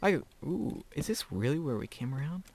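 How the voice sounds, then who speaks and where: A man's voice: a little high, very animated, normal speed, creaky, darkish tone, slight background noise. A teenage boy giving casual, rambling gameplay commentary, chatty and often breaking into laughter. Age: teens. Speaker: gamer.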